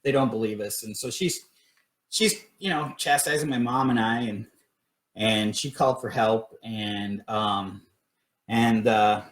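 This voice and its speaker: A man's voice: lowish voice, unhurried, a bit bright, reverberant. A man casually recounting a personal story on a livestream, rambling with many fillers and restarts. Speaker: paranormal research group director.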